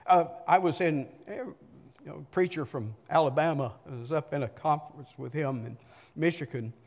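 A man's voice: on the high side, normal speed, a little mellow. An older man preaching a sermon, reading scripture aloud and pressing the point with emphatic rhetorical questions. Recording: long reverb from a large hall.

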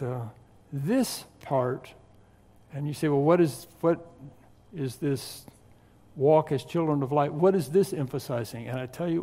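A pastor delivers a verse-by-verse sermon, his voice sitting a little high for a man. He leans hard on key words, stretching them out for weight. The sound carries a long, ringing hall reverb. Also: gravelly, dark tone. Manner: emphatic, drawn-out stresses on key words. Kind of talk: expository sermon.

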